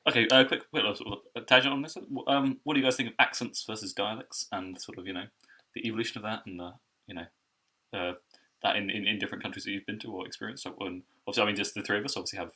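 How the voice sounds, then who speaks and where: A young English man hosts a relaxed podcast chat. He talks extremely fast, his tone bright and a little husky, and he tells anecdotes with energy. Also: fairly low pitch. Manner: rapid, animated storytelling with laughs. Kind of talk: casual chat.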